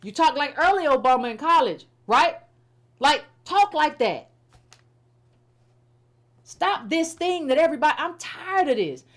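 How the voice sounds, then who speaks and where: A middle-aged woman with a high-pitched voice delivers political commentary in a casual, unscripted way. She talks bluntly and repeats herself as she presses each point, with plenty of informal turns of phrase. Her tone stays exasperated and critical throughout. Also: animated, moderate pace.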